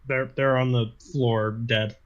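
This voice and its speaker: A man narrating a tabletop game as game master, halting and full of fillers. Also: medium pitch, little pitch movement, lo-fi sound.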